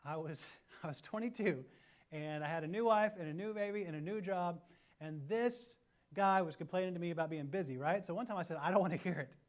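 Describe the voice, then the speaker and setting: A man in his thirties delivers a relaxed, talky sermon. His voice sits a little above the usual male range. He tells stories with lively energy and keeps pulling the room along with quick check-ins. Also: sits high. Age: 30s. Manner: animated storyteller, often adds "right?" to check in with listeners. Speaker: pastor. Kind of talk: conversational sermon.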